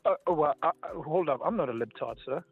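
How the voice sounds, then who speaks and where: A South African man calling in, quick to protest and laugh, often calling the host sir. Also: a little high, lively intonation, husky, dry recording, soft background music. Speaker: caller. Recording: tinny phone line.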